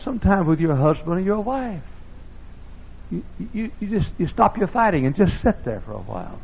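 An older man from the South, a pastor, preaching a sermon, husky and gravelly, and now and then breaking into sudden loud shouts. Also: high-pitched, wildly swooping pitch, fairly quick. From American South. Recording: dull lo-fi sermon recording.

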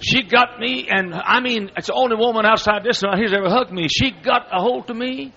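A man preaching a sermon, telling a folksy, humorous story with loud bursts. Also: high-pitched, a little fast, creaky, husky, some chatter behind. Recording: dull lo-fi recording.

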